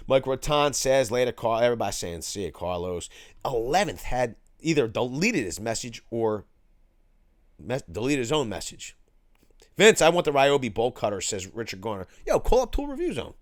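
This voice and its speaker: A man's voice: medium pitch, expressive, moderate pace, dry recording, studio quality. Laid-back slangy man reading live chat. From Philadelphia, USA. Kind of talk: casual livestream chat.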